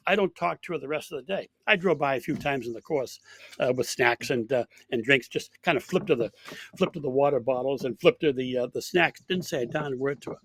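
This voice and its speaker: This college golf coach has a fairly high, fairly bright voice with vocal fry, and he talks fast. During an interview he recounts an anecdote, filling it with verbal fillers and frequent restarts.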